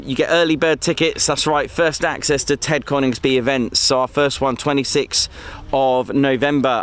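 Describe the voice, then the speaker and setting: A man's voice: medium pitch, fairly bright tone. A man hosting a live stream, chatty and enthusiastic, with frequent fillers. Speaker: host.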